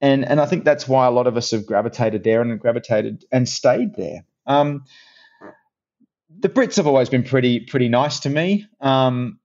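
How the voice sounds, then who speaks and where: A middle-aged man with an Australian accent, a guest in a casual interview, telling stories in a chatty, animated way with many restarts. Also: medium pitch, moderate pace, muffled recording. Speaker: guest, actor and presenter.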